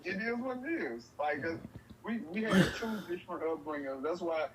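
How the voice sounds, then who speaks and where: A man's voice: a little high, expressive, normal speed, noisy background. A man co-hosting a casual podcast, teasing and laughing through his lines. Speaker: podcast co-host.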